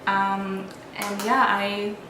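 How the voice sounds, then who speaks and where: A woman's voice: mid-range voice, level tone, drawn-out words, roomy sound, over music. A young woman chatting candidly while getting ready, rambling with many restarts, recorded on a built-in camera mic. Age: young adult. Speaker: beauty vlogger. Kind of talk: casual get-ready-with-me chat.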